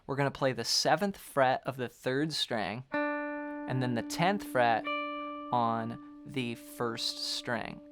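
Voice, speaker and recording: A man's voice: medium pitch, slow pace. A man teaching a guitar lesson, upbeat and explaining step by step while counting beats aloud.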